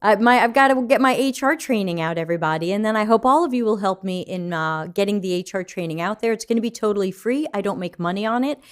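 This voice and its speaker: Her pitch is medium and her delivery smooth and fast, with few pauses. She's a middle-aged woman hosting an easygoing livestream Q&A, chatting freely and reading viewer comments aloud while yawning and still waking up.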